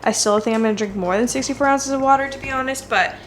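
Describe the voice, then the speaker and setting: A woman's voice: high voice, fast, slight background noise. A young woman talking casually to camera as a lifestyle vlogger, chatty and upbeat, with lots of "like" fillers. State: out of breath after running. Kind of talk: casual vlog chat. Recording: roomy echo, faint music behind.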